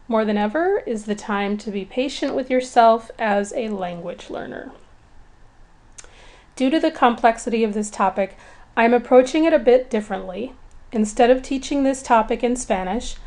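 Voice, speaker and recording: Speaking in a slightly high voice with a darkish tone, a woman gives scripted Spanish-lesson narration for beginners, keeping it clear, patient, and encouraging.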